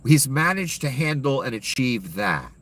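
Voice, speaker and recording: A man's voice: medium pitch, very animated, a little slow, fairly bright tone. A man giving an angry, profane and sarcastic rant of political commentary.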